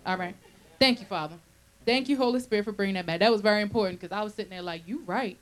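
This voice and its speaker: A woman's voice: mid-range voice, very fast, poor audio. A woman minister leading a Bible study, preaching conversationally and often checking in with her listeners.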